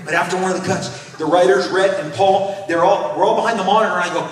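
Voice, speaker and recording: A man in his fifties telling animated, rambling stories on a convention panel, stammering and acting out quotes. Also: high-pitched, fast talker. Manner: excitable, rambling, stammering restarts, acts out quotes. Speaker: panel guest, comic creator. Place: large convention hall. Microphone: recorded from far off in the audience. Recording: echoey convention hall from far off.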